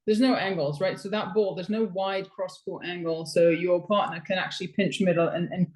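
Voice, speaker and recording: A woman's voice: on the low side, a little mellow. A woman with a Gibraltarian English accent, co-hosting a podcast and explaining coaching points in a loose, thinking-aloud way. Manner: explanatory, restarts and trails off in thought. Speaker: podcast co-host and pickleball coach. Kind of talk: casual chat. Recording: echoey room.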